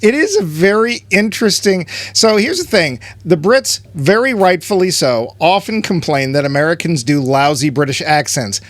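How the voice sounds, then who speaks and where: A man's voice: a little high, animated, moderate pace, few pauses, no echo. A man co-hosting a podcast, chatting about a film in a loose, hesitant way with lots of ums. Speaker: podcast co-host. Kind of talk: casual movie discussion.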